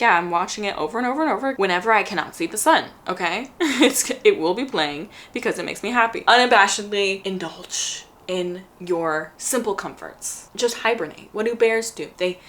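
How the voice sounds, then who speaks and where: A woman's voice: on the low side, a bit bright. A young woman chatting casually while coloring, answering viewer questions with earnest, encouraging advice and repeating phrases for emphasis. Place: hot room at home.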